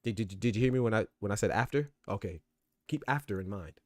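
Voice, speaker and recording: A man's voice: on the low side, expressive, quick pace, a little mellow. A man hosting a podcast in casual, slangy commentary, reacting to his live chat as he goes. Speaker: boxing podcast host.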